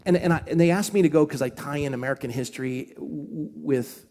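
A man from Scotland, a pastor, preaching at a live event in an animated storytelling way with quick asides. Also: a little high.

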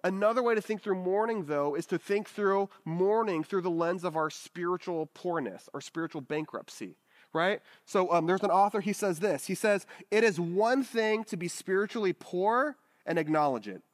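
A man preaching in an easy, conversational way, his voice sitting a little higher than most men's. He keeps turning to the room with quick "right?" check-ins as he works through the passage. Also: expressive. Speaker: pastor. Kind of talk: sermon.

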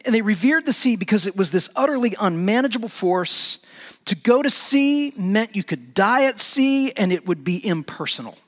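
In a slightly high voice, a male pastor preaches with animation, building toward emphatic peaks. A long reverb carries his words, as if he's in a large hall.

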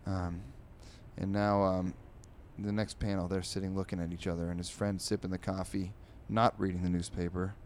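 A man's voice: deep voice, level tone, darkish tone, a little hiss or hum. Rambling sarcastic man reading comics. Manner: rambling, sarcastic asides, chuckles at jokes; does quick voices for characters. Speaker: comedy podcast host reading comics aloud. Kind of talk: casual comic reading with commentary.

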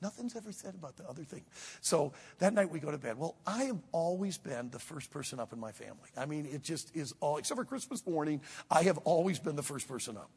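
Man preaching, high lively voice, gravelly and husky, long hall reverb, animated storyteller. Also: fast talker. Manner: animated storytelling with acted-out quotes. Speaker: pastor. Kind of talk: sermon.

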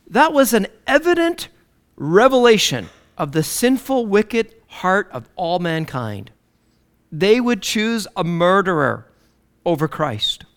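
Dramatic high-pitched male preacher. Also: big pitch swings, slow pace, clear, resonant tone. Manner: dramatic, swinging from loud declarations to low hushed lines. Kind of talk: sermon.

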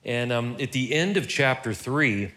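A male pastor giving a sermon in a loose, conversational way, often stumbling over repeated words. His voice sits at an everyday middle pitch for a man. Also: expressive, a little slow, fairly bright tone.

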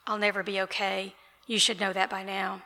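A woman reading the lines of a gruff, bitter male army veteran who curses and snaps, in her own voice. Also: mid-range voice, flat delivery, moderate pace, sharp tone. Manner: curt and cursing. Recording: reverberant event room.

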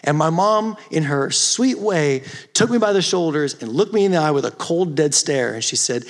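A man preaching a youth ministry sermon, rising from quiet storytelling to impassioned, emphatic exhortation. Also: fairly high pitch, lively intonation, moderate pace, few pauses. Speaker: youth pastor. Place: church or youth hall.

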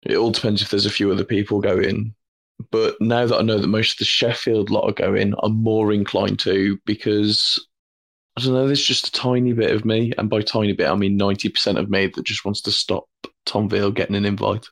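A man's voice: lowish voice, flat delivery, fairly quick, gravelly. A man, co-hosting a podcast in chatty, self-mocking talk. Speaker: podcast co-host. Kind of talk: casual podcast chat.

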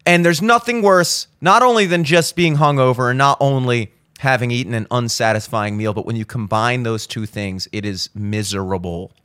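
Hungover young male podcast host, mid-pitch, profane ranter, dry close sound. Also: normal speed, few pauses, clean tone, no echo. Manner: profane, ranting, swings into loud exasperated outbursts. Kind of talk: casual monologue.

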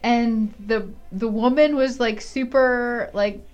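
A woman on a podcast chatting casually, her voice fairly high. She keeps cutting in with playful jokes and asides. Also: steady tone, takes it slowly, a little mellow, dull audio, soft background music. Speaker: podcast co-host. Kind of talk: casual chat.

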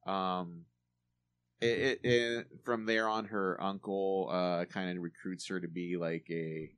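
Rambling low-voiced podcast host. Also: male voice, steady tone, takes it slowly, fairly bright tone, clear, resonant tone. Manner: rambling, filler-heavy, profane. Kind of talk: casual chat.

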